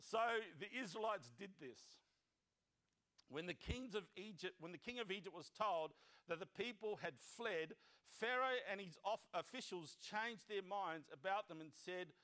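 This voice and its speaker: A man's voice: high-pitched, lively intonation, moderate pace, pushed and bright. A man preaching a sermon as pastor, reading scripture and breaking into conversational, joking asides and acted-out voices.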